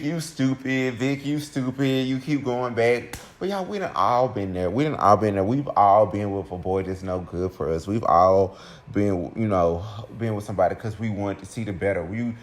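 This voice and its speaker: Young guy doing a storytime vid, lowish voice, lively and chatty, talks right at the viewers. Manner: animated, keeps addressing listeners directly. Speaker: storytime vlogger.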